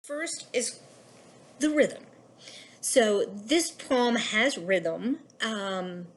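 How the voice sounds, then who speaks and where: A woman's voice: mid-range voice, lively intonation, very slow. A woman teacher giving a recorded lesson, explaining patiently with a few fillers.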